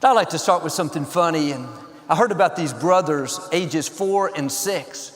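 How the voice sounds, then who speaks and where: A man, a pastor opening his sermon with lighthearted jokes, told with upbeat timing and pauses. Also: on the high side, noisy background. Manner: upbeat joke-telling with pauses. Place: large church auditorium. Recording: live hall with long reverb.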